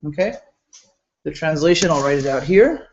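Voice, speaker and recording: A man's voice: on the high side, lively intonation, moderate pace, darkish tone. A man teaching a Quran explanation class in a conversational way, putting questions to his students. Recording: roomy, dull lo-fi classroom recording.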